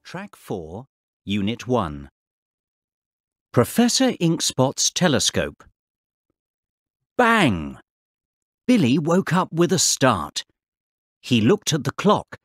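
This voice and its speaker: A man narrating a story slowly and clearly for English learners. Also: medium pitch, no echo, clean studio sound. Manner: deliberate, expressive reading for learners. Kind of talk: slow, clear textbook narration.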